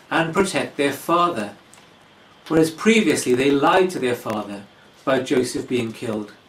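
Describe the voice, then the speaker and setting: Slow, lively-pitched preacher in an echoey church. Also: male voice, recorded from a distance. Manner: slow, deliberate expository preaching. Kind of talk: sermon.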